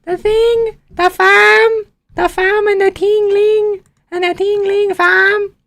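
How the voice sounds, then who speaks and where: Shrill mock-accent squeak. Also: male voice, level tone, takes it slowly, pushed and bright, no echo, full character voice. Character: shrill caricature of a local man's accent.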